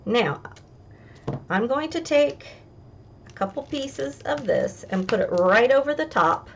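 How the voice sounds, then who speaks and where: A woman hosts a casual craft demonstration, explaining each step in a chatty, homey way. Her voice has a gravelly rasp at a middle pitch. The recording sounds a bit dull and lo-fi. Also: a little hiss or hum. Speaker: craft tutorial host.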